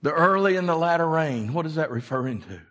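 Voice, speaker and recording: Pastor, male, high and bright voice, impassioned and repetitive, addresses the congregation directly. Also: expressive, fairly quick. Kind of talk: sermon.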